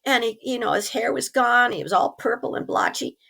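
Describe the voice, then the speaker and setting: Still hoarse from pneumonia, a middle-aged woman speaks as an interview guest about her own experience. Her tone is earnest and animated, her pitch fairly high, her pace moderate.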